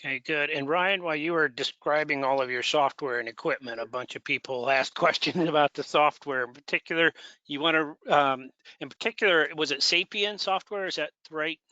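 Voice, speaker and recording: A man moderating a webinar panel, brisk and conversational as he puts audience questions to the speakers over a video call. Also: a little high, sharp tone, dry recording. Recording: dry, dull video call audio.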